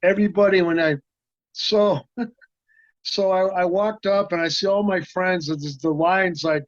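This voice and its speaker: Speaking unhurriedly in a high-pitched voice, a martial arts actor being interviewed tells stories in a rambling, lively way and performs the voices of the people in them. The lo-fi audio is dry and muffled, without any room sound.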